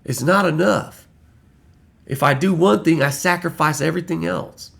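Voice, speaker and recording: A man's voice: on the high side, normal speed, vocal fry, fairly bright tone. An American man giving a heated, profane, rambling political rant to camera. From United States. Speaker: political vlogger.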